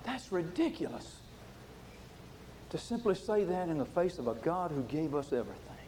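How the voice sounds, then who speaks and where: A man preaching a sermon with passion, swinging from loud to hushed. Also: fairly high pitch, big pitch swings, moderate pace, background noise.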